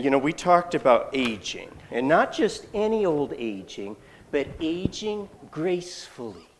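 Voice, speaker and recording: A storyteller telling a folktale live, folksy and animated with rambling asides. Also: medium pitch, a little hiss or hum.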